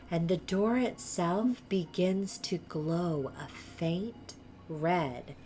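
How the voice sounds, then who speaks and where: Slow, hushed woman narrating a game. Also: lowish voice, expressive, faint music behind. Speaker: game master.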